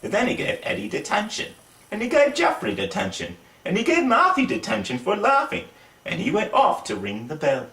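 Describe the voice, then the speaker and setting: A man's voice: high-pitched, normal speed, echoey room, distant mic. A man reading a children's story aloud in a put-on British accent, voicing each character as he goes. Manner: lively, voices the characters. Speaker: reader of a children's book.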